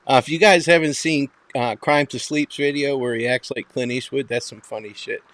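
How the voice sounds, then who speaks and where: A man's voice: mid-range voice, fairly even intonation, moderate pace, fairly bright tone, no room sound. Blunt, profane Boston man hosting. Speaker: host. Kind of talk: casual online show chat.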